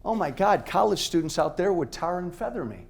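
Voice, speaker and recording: A man's voice: sits high, sing-song, fairly quick, vocal fry. A middle-aged man giving a blunt, impassioned, off-the-cuff speech to college students in a university hall, talking straight to the crowd. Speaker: political speaker.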